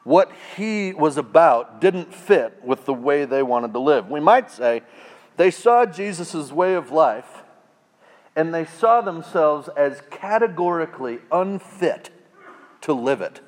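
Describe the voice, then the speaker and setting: A man preaching a sermon in a casual, conversational way, swinging between hushed, intimate passages and loud, emphatic declarations. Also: fairly high pitch, lively intonation, takes it slowly, big-room sound. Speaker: pastor.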